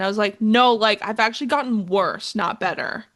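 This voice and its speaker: A woman's voice: on the high side, moderate pace, few pauses, a bit bright. A young woman co-hosting a podcast, telling a story in a rambling, casual way full of fillers. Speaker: podcast co-host. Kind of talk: casual chat.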